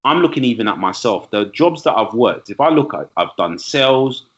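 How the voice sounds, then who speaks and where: On dull lo-fi audio, a male podcast guest who works as a teacher and trainer explains himself with lists and asides in a casual chat. His medium-pitched voice is very animated, brisk and fairly bright.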